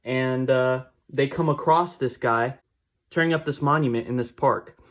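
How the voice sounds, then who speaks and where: A man's voice: medium pitch, normal speed. Chuckling man recapping a comic. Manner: chuckling, rambling with fillers. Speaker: comic book reviewer.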